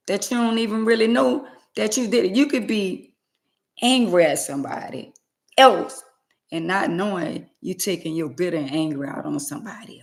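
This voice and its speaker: A woman's voice: lowish voice, creaky. A woman talking straight to her viewers in a casual monologue, plain-spoken and emphatic, repeating her points. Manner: plain-spoken, uses y'all. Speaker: vlogger.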